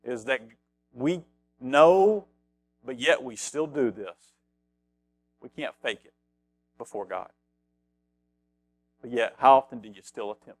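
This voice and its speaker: A man's voice: medium pitch, a little slow, pauses often, dry recording. A middle-aged man preaching a conversational sermon as pastor, reading scripture aloud and repeating phrases for emphasis.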